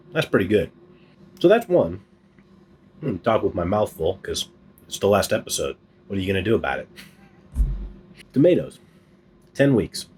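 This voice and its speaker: A man with a fairly low voice hosts a gardening channel, showing off his hydroponic harvest in an upbeat, casual chat. He jokes at his own expense during the hands-on demonstration, with slight background noise present.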